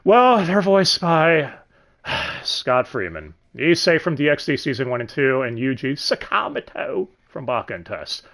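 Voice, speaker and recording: A man hosting a casual, profane review of an anime dub, sardonic and quick to laugh. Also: medium pitch, big pitch swings, creaky, a bit bright. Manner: sardonic, swears freely, laughs often.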